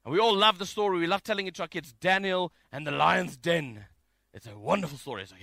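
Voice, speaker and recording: Guy preaching a chatty sermon, high bright voice, dry close sound. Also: fairly quick, vocal fry, dry recording. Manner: conversational, jokey and animated. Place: home, during isolation.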